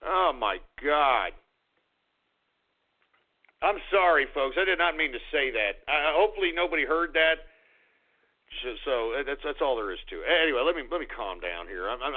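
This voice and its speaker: A man hosting a radio show in a comedic on-air rant, excitable and profane, swinging between muttering and shouting. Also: mid-range voice, normal speed, pauses often. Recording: tinny phone-like audio.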